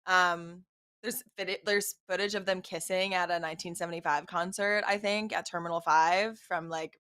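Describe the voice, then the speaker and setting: A woman's voice: lowish voice, fairly even intonation, fairly bright tone, clean tone. Gushing, sleepy woman co-host. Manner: gushing, fast, lots of "like". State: sleepy, yawning. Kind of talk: casual celebrity news chat.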